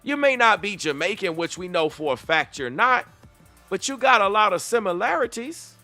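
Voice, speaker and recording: A man's voice: high-pitched, very animated, moderate pace, bright, forceful tone, dry recording, soft background music. A man giving a reaction commentary, confrontational and lecturing, speaking straight to the person in the clip.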